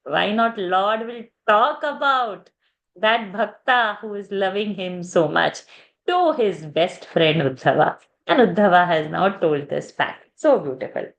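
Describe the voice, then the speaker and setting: Slow-spoken woman explaining Sanskrit verses. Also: medium pitch, expressive, vocal fry, highs cut off. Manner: explains slowly, repeating words and asking "huh?".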